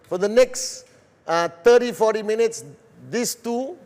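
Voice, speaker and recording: A middle-aged man from Malaysia delivers a sales presentation for a global broadcast. He speaks slowly and deliberately, in a fairly high voice. A long reverb trails after his words, as if in a large hall. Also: darkish tone. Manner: slow, deliberate, addressing a global audience. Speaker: business presenter.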